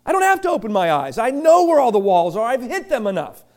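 A middle-aged male pastor preaching a sermon, chatty and joking, swinging from quiet asides to loud shouted bursts. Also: extremely high pitch, big pitch swings, fast talker. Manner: chatty, joking storyteller with many restarts.

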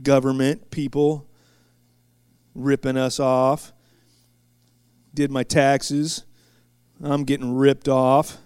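A man preaching a sermon with passion, moving from quiet asides to shouted peaks and often stumbling into restarts. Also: medium pitch, flat delivery, takes it slowly, pauses often, smooth, no room sound, clean studio sound. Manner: impassioned, swings from quiet asides to shouted climaxes; frequent stammered restarts. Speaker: pastor.

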